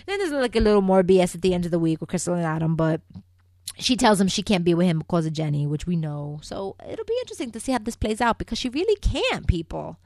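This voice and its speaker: A woman hosting a casual solo podcast that recaps a soap opera. She is chatty and opinionated, keeps calling her listeners "people," and swings from loud emphatic bursts to quiet asides. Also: fairly low pitch, big pitch swings, quick pace, no room sound.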